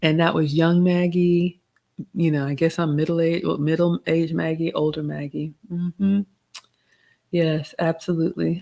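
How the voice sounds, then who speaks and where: A middle-aged woman, hosting a live Q&A, reading out chat comments and giving gentle advice in a casual tone. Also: sits low, little pitch movement, a little slow, gravelly. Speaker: livestream host answering chat questions.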